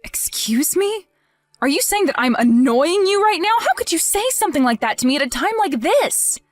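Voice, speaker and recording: A woman playing a young wife in a dramatized text-message story, emotional and pleading, with halting restarts. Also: high voice, sing-song, dry recording, faint music behind. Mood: indignant. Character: young wife grieving, hurt and indignant.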